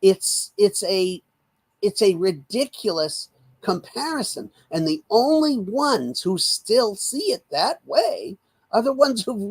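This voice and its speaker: Gravelly animated American man, older. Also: high-pitched. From United States. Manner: animated, rambling with restarts and fillers. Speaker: guest commentator. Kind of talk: political interview talk.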